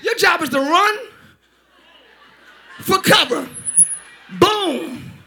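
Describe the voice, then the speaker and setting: Pastor guy preaching loud in church, super high pitch, real sharp bright voice, cracks jokes. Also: expressive, extremely slow, gravelly. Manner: shouting, preaching with humor. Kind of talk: sermon. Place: church sanctuary.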